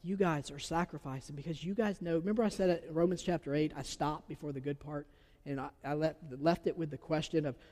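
A man with a Southern accent from Georgia, preaching an earnest sermon as a pastor, moving from loud emphasis to soft near-whispers. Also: on the high side, fairly quick. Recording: long reverb of a large hall.

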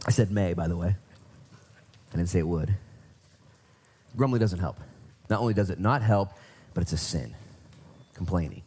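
A man's voice: lowish voice, mellow, slightly rough. A man preaching a conversational sermon, emphatic, swinging up and down for stress. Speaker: pastor.

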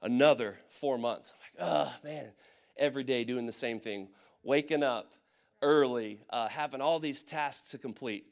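A young man from Indiana telling a personal story of army service to a gathering, animated, with many fillers and acted asides. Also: medium pitch, moderate pace. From Indiana, USA. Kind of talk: personal testimony talk.

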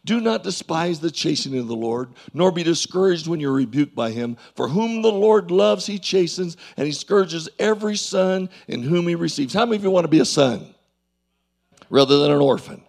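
A male pastor preaching a sermon in a church, swinging from loud calls to low asides and calling for amens. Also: expressive, normal speed, vocal fry.

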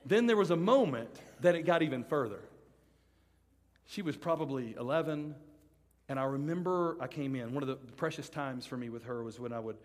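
A middle-aged man preaching a sermon to students before a live audience. He tells a personal story with animated comic swings, then turns hushed and earnest. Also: mid-range voice, fairly quick. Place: large hall with a live audience. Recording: long hall reverb from a live venue.

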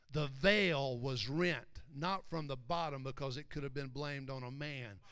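A male preacher with a bright, crisp, clean voice, recorded dry and close. He reads scripture aloud slowly and then explains it, rising from hushed reading to loud, emphatic preaching. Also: medium pitch, no room sound. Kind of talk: sermon.

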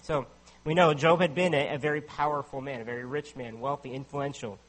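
A man's voice: medium pitch, fairly even intonation, brisk. A man preaching a sermon in a conversational way, often asking listeners rhetorical questions. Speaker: pastor.

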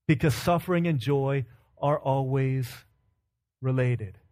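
A man's voice: a little high, darkish tone. A man in his thirties preaching a sermon, earnest and storytelling, breaking into laughs and acting out the voices in his stories. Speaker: pastor.

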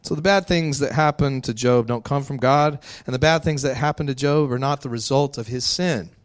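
A man's voice: mid-range voice, moderate pace. A male pastor preaching a sermon in a candid, conversational way, laughing often.

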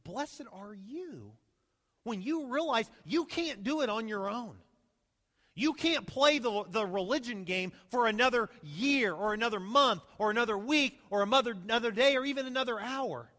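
A man preaching a sermon as pastor, animated, swinging between loud emphasis and soft, slow asides. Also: extremely high pitch, long reverb tail. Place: church sanctuary.

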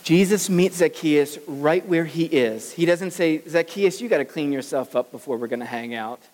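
A pastor preaching a sermon in a lively, animated way, acting out the voices of the people in the story. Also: medium pitch, moderate pace, long reverb tail.

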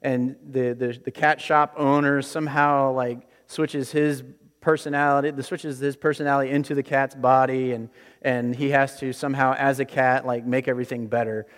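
Male pastor, mid-pitched voice, casual repetitive sermon delivery, long church reverb. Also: flat delivery, moderate pace. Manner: conversational, repeats phrases, often starts with "listen". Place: church sanctuary.

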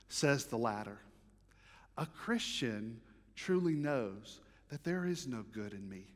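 Pastor guy preaching, kinda high voice, gets emphatic, big hall echo. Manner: earnest preaching, rising to emphatic declarations. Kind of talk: sermon.

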